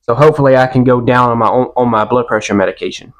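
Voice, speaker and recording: A man co-hosts a podcast, swapping stories in a relaxed, casual way, his medium-pitched voice moving quickly. His easygoing storytelling includes a Southern "y'all."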